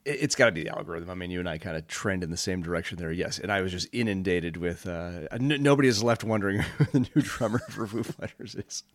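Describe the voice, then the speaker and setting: A man co-hosting a podcast in casual chat, relaxed and agreeable as he thinks aloud. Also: low-pitched, quick pace, hardly any pauses, no room sound. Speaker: podcast co-host.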